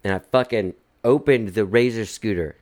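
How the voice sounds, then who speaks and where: A man's voice: fairly low pitch, normal speed, darkish tone. Rambling, swearing male storyteller. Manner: rambling, laughs while telling stories, swears casually. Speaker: host. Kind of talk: casual storytelling chat.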